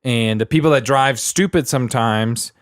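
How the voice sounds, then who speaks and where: A man's voice: mid-range voice, moderate pace, no echo, studio quality. A man co-hosting a podcast in casual chat, asking questions and reacting to the story. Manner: engaged listener, asks questions and chimes in. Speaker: podcast co-host.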